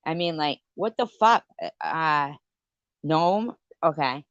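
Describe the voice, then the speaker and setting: Low-voiced woman ranting on a stream. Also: animated, slow, clean tone, no echo, muffled recording. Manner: profane, rambling rant. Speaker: livestream host. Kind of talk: late-night live stream chat.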